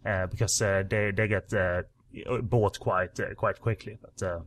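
A man's voice: lowish voice, steady tone, normal speed, a little hiss or hum. A man hosting a film podcast in casual chat, teasing his co-host and talking with many fillers.

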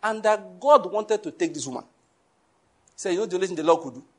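A man preaches to his congregation, laughing often and tossing questions at the listeners. His voice sits a little high and sounds husky. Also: animated, fast talker, a bit bright. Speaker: pastor. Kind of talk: sermon.

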